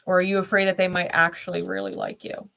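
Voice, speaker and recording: A woman's voice: fairly low pitch, flat delivery, fast, creaky, a bit bright. A woman speaking bluntly in a candid vlog monologue, swearing often and repeating short heated lines straight to the listener. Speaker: tarot reader and channel host.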